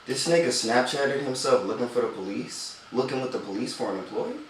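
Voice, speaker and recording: A man's voice: medium pitch, a little fast, slight background noise. A man hosting a commentary show, ranting in exasperated disbelief with heavy swearing.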